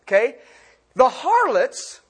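Animated, unhurried Bible teacher with a husky voice; preaches with rhetorical questions and loud-to-quiet swings. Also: high-pitched. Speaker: pastor. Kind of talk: Bible-study sermon.

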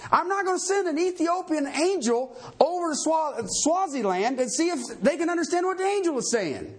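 A male pastor preaching a sermon in an emphatic, animated way, firing rhetorical questions at his church. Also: extremely high pitch, normal speed.

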